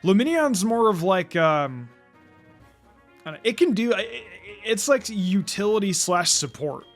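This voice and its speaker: Young male let's-play commentator; chatty, stammering, filler-heavy, a touch high in pitch. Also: sing-song, measured pace, soft background music. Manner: rambling, frequent fillers and stammered restarts. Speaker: gaming commentator.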